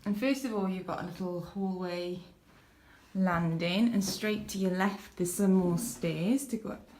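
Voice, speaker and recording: A woman's voice: fairly low pitch, measured pace, slight background noise. Breathless woman touring an echoey empty house. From England. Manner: breathless, excited exclamations. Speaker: vlogger. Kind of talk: casual house tour vlog. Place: empty house with bare rooms.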